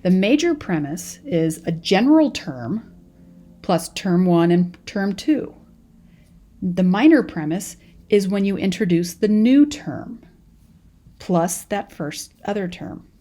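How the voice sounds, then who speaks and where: Mellow-voiced Californian woman lecturing. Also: medium pitch, sing-song, slow. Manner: conversational, storytelling teacher with many restarts. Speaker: college professor. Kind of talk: recorded lecture.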